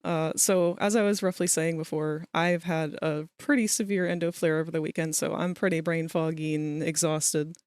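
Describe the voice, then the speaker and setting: A woman's voice: sits low, steady tone, normal speed, hardly any pauses, darkish tone, clean tone, no room sound. A young adult woman hosting a livestream, chatting casually with friends and laughing often. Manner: chatty, giggly, talks over friends. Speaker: livestream host. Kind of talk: casual stream chat.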